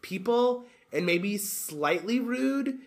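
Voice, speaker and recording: A podcast co-host in casual chat, rambling and animated, full of fillers. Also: mid-range voice, slow.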